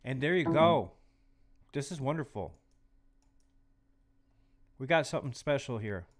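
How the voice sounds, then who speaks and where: A man hosting a live stream who teaches music mixing in a chatty, casual way and often drops into quiet muttered asides while he works. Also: mid-range voice, lively intonation, measured pace. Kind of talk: casual live tutorial talk.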